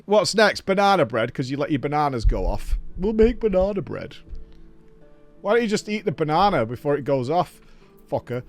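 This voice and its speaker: A man in his thirties chatting and ranting on a stream, swearing freely in an animated way. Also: a little high, normal speed, no echo, soft background music. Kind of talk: casual stream chat.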